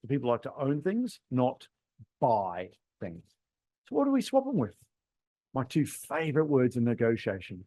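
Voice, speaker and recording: A man hosting a solo podcast on sales, talking in an emphatic, animated way and playing with his tone of voice. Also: mid-range voice, normal speed. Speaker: podcast host and sales trainer.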